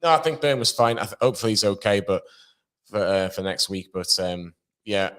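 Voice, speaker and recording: A man's voice: on the low side, lively intonation, fairly quick, a bit bright. A man giving his view as a fan pundit in a post-match chat, hesitant and full of fillers.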